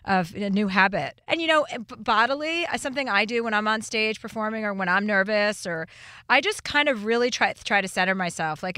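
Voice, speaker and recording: A young woman hosts a call-in show with a bright voice, recorded close and dry. She encourages the caller earnestly, and her sentences often stop and restart. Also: mid-range voice, clean tone, dry recording. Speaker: show host. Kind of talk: advice talk on a call-in show.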